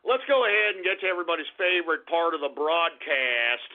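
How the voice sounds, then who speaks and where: A man's voice: on the high side, expressive, fairly quick, few pauses. A male radio talk show host in a heated, profane, rambling monologue. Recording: tinny phone-line radio audio.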